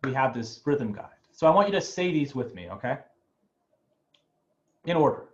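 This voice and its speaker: A man's voice: mid-range voice, expressive, normal speed, dull audio. A man teaching an online music class, talking in a loose, chatty way and often checking in with "right?". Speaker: music professor. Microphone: video call.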